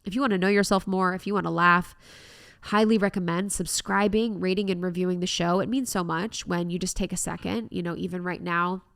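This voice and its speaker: Earnest woman podcaster, gravelly low voice. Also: fairly even intonation, a little fast, no echo, clean studio sound. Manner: warm, earnest, reflective self-help talk. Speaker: podcast host. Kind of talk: solo podcast monologue.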